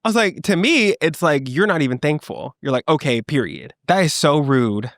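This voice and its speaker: A young man hosting a solo comedy podcast, chatting in an animated, sassy way and joking with plenty of swearing. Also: a little high, moderate pace, no room sound, studio quality. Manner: animated, sassy, reacts and jokes freely with swearing. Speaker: podcast host.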